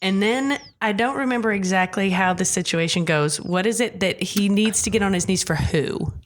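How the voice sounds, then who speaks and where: A woman's voice: medium pitch, normal speed. A woman co-hosting a podcast, recapping a show in casual chat with swearing and jokes. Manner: profane, jokey, animated storytelling. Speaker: podcast co-host.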